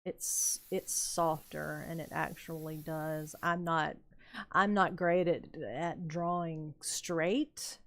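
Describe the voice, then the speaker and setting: An older woman streaming a building game, telling rambling, unhurried stories about her youth with plenty of fillers and chuckles. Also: sits low, steady tone, a bit bright. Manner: rambling, unhurried anecdotes with frequent fillers and laughs. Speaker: gaming streamer. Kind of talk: casual storytelling while building in a game.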